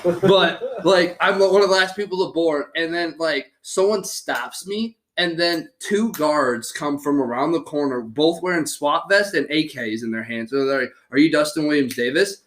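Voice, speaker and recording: A male podcast host telling a story in a casual chat, animated and rambling, with lots of fillers and swearing. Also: on the high side, normal speed. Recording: echoey room.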